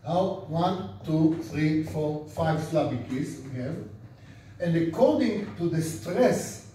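This older Israeli rabbi's voice is a little high and dark-toned, animated but unhurried, as he teaches an informal class. Chatty in manner, he questions the students and repeats vocabulary for drilling. The sound comes from a distant mic in an echoing lecture room with faint noise.

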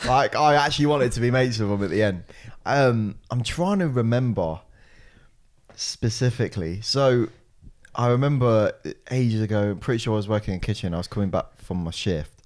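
A young man, co-hosting a podcast in casual chat, often laughing and acting out what others said in a gruff voice. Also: mid-range voice, lively intonation, normal speed. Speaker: podcast co-host.

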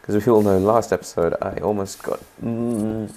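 A gaming channel host narrates his own playthrough in let's play commentary, rambling and chatty and often asking viewers what they think. His voice sits fairly low, with a steady, warm tone and a moderate pace. There's a little hiss or hum in the recording.

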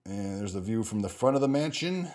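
A man with a low, mellow voice runs through news and market figures like a casual commentator. He reads quoted passages aloud, then cuts in with offhand remarks, restarting his sentences and tossing in fillers as he goes. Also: sing-song, fairly quick. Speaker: host of a stock market show. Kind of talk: casual commentary reading from articles and market screens.

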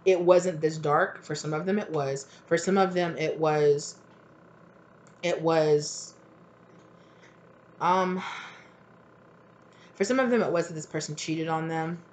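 A woman doing a casual tarot reading, rambling and animated, swearing freely and acting out what people say. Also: sits low, takes it slowly, long pauses, a little hiss or hum. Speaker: tarot reader.

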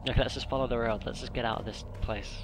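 A man's voice: medium pitch, fairly even intonation, very fast. A young man hosting a let's play, panicky and out of breath, swearing and jumpy as he plays. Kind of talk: casual gaming commentary. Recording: noisy home recording.

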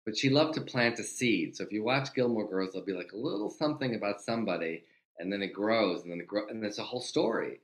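Older man, low voice, lively storytelling guest, acts out quotes, swears casually. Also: fast. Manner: animated anecdotes, acts out quoted dialogue, swears freely. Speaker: guest, TV comedy writer.

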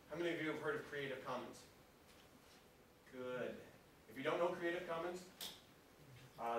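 A man giving a conversational training talk at a conference, animated and addressing the audience, often restarting his sentences. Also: medium pitch, slight background noise. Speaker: conference presenter. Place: conference room. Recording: echoey room, distant mic.

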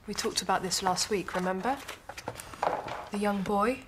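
An actress playing a gentle, coaxing woman therapist. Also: medium pitch, steady tone, moderate pace, noisy background, natural voice. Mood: calm. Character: calm female art therapist, patient and probing. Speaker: art therapist. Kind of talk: TV drama acting.

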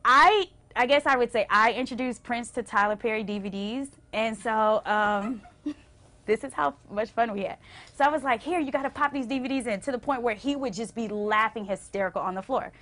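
A young adult woman singer telling stories as a TV interview guest, acting out quotes with big swings and going hushed when moved. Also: moderate pace. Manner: expressive, acts out quotes with big pitch swings. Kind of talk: animated storytelling in a TV interview. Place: TV station interview.

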